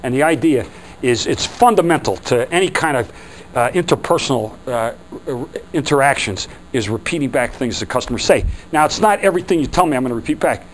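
A man leading a sales training seminar for a group, lively and acting out customer quotes. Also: mid-range voice, fairly quick, slight background noise, poor audio. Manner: animated, acts out customer quotes.

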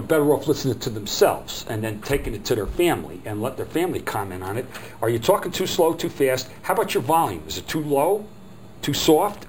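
A man's voice: medium pitch, low-quality recording. Middle-aged man, mid-range voice, rambling workshop trainer, light hum behind. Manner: rambling, chatty, acts out quotes. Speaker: phone skills trainer. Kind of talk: workshop teaching.

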